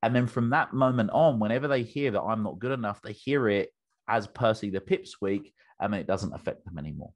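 A man's voice: lowish voice, brisk. A British man, a business coach, explaining a method with enthusiasm as an interview guest, often restarting his sentences.

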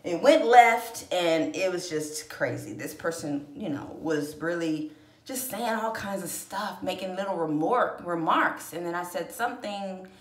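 Woman vlogger, lowish voice, emotional rambling storytime, echoey room. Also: animated, measured pace. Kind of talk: casual personal storytelling.

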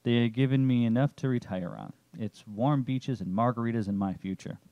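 A man voicing a raspy, caring old father figure in a narrated story. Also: mid-range voice, a little fast, dark tone, dry recording, muffled recording, natural voice. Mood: frank.

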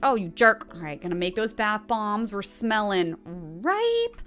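A woman streamer giving bubbly, chatty commentary while playing a life-sim game, often gasping with excitement and talking to her viewers. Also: mid-range voice, unhurried, few pauses, soft background music. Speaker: gaming streamer. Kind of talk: casual gameplay commentary.

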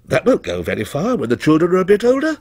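A man voicing a brooding, mysterious male stranger who asks slow, probing, needling questions. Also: high voice, huge pitch swings, a little mellow, no room sound, pitched above the performer's own voice, full character voice. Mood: insinuating.

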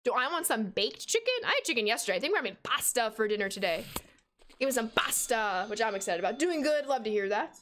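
A young woman in her twenties streaming a baseball video game, chatting with viewers and reacting with sudden excited squeals. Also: on the high side, quick pace, a little hiss or hum. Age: 20s. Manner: chatty, reads out and answers chat while playing. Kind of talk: casual game stream chat.

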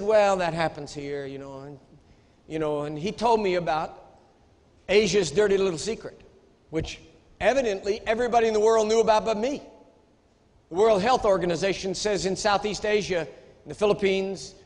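An American man preaching a sermon, telling a story with emphatic storytelling that rises into outrage. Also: high-pitched. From United States. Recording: echoey hall.

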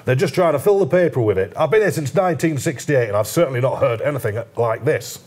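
A man's voice: medium pitch, animated, quick pace, a little mellow, husky, voice pushed up. A man voicing an indignant older male ex-mayor with a put-on Northern English accent, quoted in a newspaper review. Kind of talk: quoted news anecdote.

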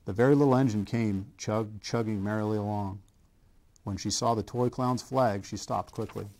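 Brief: deep-ish gravelly male reader, gentle children's read-aloud, unhurried. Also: steady tone. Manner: slow gentle storytelling with small stumbles. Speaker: coach.

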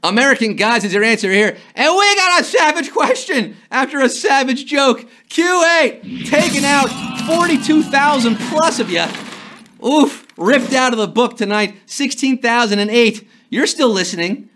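High-voiced hyped-up game show host. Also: male voice, lively intonation, moderate pace, background noise. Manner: jokey, hyped-up patter. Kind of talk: live game show hosting.

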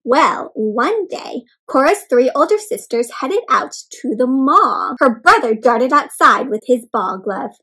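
A young adult woman doing an interactive read-aloud for kids, animated, gasping and asking the children questions. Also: sits high, measured pace, hardly any pauses, breathy edge. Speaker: children's storyteller.

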